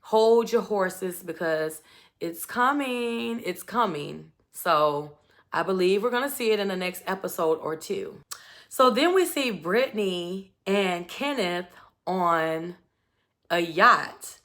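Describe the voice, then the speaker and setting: Woman commentator, bright and forward tone, chatty and expressive recap delivery. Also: lowish voice, slow. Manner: chatty, expressive storytelling with asides. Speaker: reality show recap commentator. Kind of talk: casual commentary.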